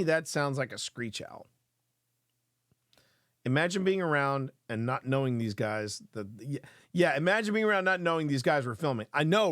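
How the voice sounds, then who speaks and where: Guy hosting a live stream, high voice, swings all over, rambly and swearing a lot. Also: no echo, studio quality. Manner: excitable, rambling with repeated words and swearing. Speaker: live show host reacting to clips. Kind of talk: casual live commentary.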